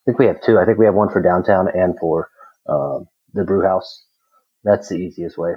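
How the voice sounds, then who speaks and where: A man's voice: low-pitched, fairly even intonation, moderate pace, slightly rough, muffled recording. A man appearing as a guest on a podcast, talking in an easygoing, slangy way about his brewery's plans. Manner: easygoing, uses casual slang. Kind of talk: casual podcast chat.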